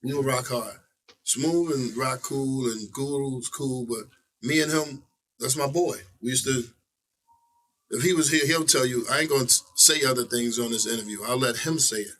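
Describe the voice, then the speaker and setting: Animated middle-aged rapper, mic at a distance. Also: male voice, medium pitch, moderate pace, slight background noise. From New York. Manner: animated storyteller who acts out quotes, profane slang. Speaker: veteran rapper, interview guest. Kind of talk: casual storytelling interview. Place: indoor interview room. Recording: voice picked up from a distance.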